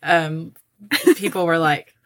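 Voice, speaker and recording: A woman co-hosting a podcast, chatting casually and reacting in a dry, low-key way. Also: fairly even intonation, slow pace. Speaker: podcast co-host. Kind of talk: casual chat.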